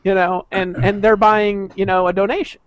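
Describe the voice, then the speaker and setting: Over a video call, a network marketer with a high, clear, resonant voice tells a casual story at a moderate pace and with a flat delivery. The recording is dry with dull audio, and his rambling, profane telling is full of repeated words and restarts.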